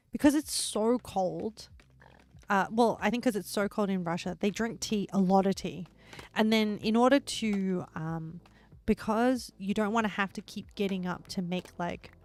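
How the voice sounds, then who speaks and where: A woman livestreamer chatting casually while she builds in a game, rambling and excitable and laughing often. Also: medium pitch.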